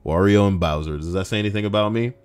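A man's voice: lowish voice, fast, clear, resonant tone, dry recording. A young man casually reading out forum posts, rambling and sarcastic, with frequent swearing. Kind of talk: casual reaction commentary.

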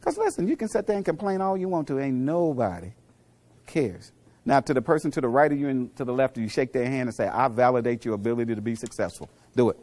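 Middle-aged guy doing a motivational talk, preachy, keeps quizzing the crowd, goes quiet then loud. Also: expressive, fast talker. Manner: preachy storyteller, asks the crowd questions, swings from low murmurs to loud punchlines. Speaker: motivational speaker. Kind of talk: motivational speech to a live audience.

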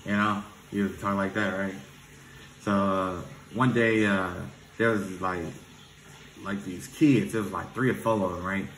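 A man's voice: deep voice, fairly even intonation, measured pace, fairly bright tone, a little hiss or hum. A man giving spiritual advice in a loose, profane vlog, often tossing in "you know what I'm saying". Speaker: spiritual reader. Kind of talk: casual spiritual vlog talk. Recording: roomy echo.

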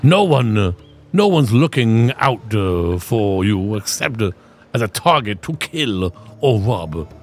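A man voicing a seasoned, wry male ship captain, reading the game's lines aloud slowly in a raised voice. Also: on the low side, big pitch swings, faint music behind, heavily acted. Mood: warning. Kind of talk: reading game dialogue aloud in character.

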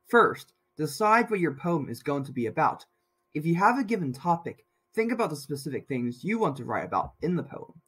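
A man reading a scripted writing lesson in a steady, explanatory way. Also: on the high side, husky. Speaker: writing tutor. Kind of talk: scripted narration.

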